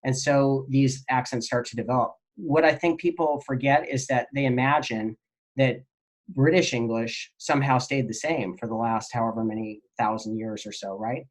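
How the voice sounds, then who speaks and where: A man teaching a class, answering student questions in a relaxed, rambling lecture with many fillers. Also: medium pitch, normal speed.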